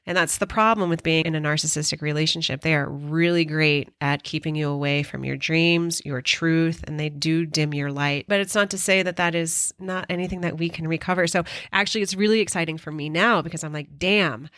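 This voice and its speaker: A woman's voice: low voice, fairly even intonation, brisk, hardly any pauses, a bit bright, clean tone, no room sound, clean studio sound. A middle-aged woman hosting a podcast, telling a personal story in an earnest, emotional way and swearing casually. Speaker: podcast host.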